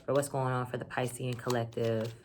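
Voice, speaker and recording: A woman giving a casual tarot reading to camera, excited and chatty, full of slang and "like". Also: rumbling low, brisk, a little hiss or hum. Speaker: tarot reader.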